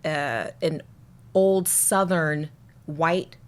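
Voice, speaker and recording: Woman from atlanta, podcast guest, lively storyteller, slightly low voice. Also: extremely slow. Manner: animated storyteller, acts out quotes. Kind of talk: casual interview chat.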